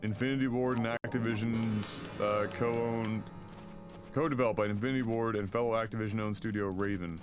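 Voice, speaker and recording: A man's voice: fairly low pitch, steady tone, fairly quick, over music. A man streaming a co-op game, chatting casually and reading news aloud with frequent fillers and swearing. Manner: profane, jokey, reads with frequent fillers.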